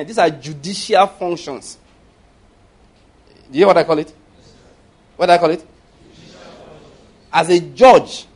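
A man preaching a sermon, emphatic and questioning, reading scripture aloud slowly and forcefully. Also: a little high. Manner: emphatic, rising and falling with stress, asks the congregation questions.

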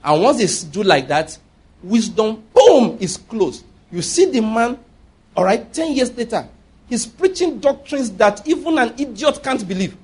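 A man's voice: very high voice, sing-song, normal speed, darkish tone, breathy edge. A man preaching a sermon, emphatic and often asking his listeners rhetorical questions.

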